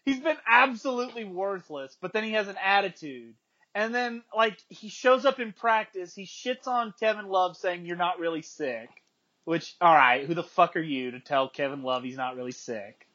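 A man with a notably high voice rants bluntly in a casual sports chat, pressing his opinions hard. The sound is dull and lo-fi. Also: moderate pace, sharp tone. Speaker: podcast co-host.

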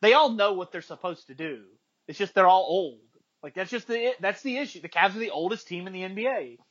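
A man's voice: high-pitched, brisk, a bit bright, lo-fi sound. A man co-hosting a casual sports chat, blunt and opinionated, ranting with swearing. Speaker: podcast co-host.

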